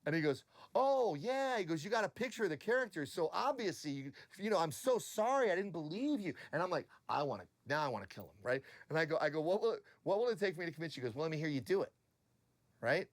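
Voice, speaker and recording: A fairly high-voiced man tells a story and swings his pitch widely as he acts out each part. The room is dry and close. He is a voice actor speaking in an interview. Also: big pitch swings, fast talker, no room sound. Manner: acts out both sides of a story in quoted voices. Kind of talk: animated anecdote in an interview.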